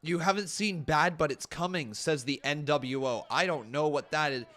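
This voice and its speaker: A man hosting a live watch-along stream, giving running commentary and talking straight to his viewers. His voice sits a bit high and sounds bright and forward. He keeps it upbeat and laughs often. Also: normal speed. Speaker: host.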